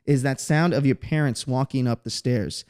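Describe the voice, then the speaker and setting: This Texas podcast host delivers a casual storytelling monologue in a smooth, medium-pitched voice at a moderate pace. He's an animated storyteller, slangy and profane.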